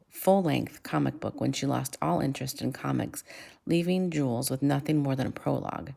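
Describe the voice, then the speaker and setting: A woman reads a children's novel aloud in a low, gravelly voice. She keeps a measured pace and slows down for effect. At times she drops to a hush. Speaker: reader.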